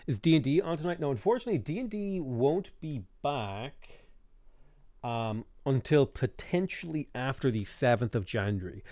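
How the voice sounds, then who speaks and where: A man's voice: mid-range voice, animated, normal speed, a little mellow, no room sound, clean studio sound. A man with an Irish accent, casually chatting on a live game stream, rambling as he reads out and answers viewers' questions.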